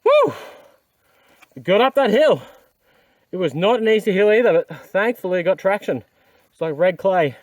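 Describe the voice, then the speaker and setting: A man's voice: high voice, animated, fairly quick, a little mellow. An exhausted man, talking casually to an action camera while riding a motorbike outdoors. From Australia. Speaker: adventure motorcycle vlogger. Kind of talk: casual vlog narration. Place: outdoors on a dirt trail.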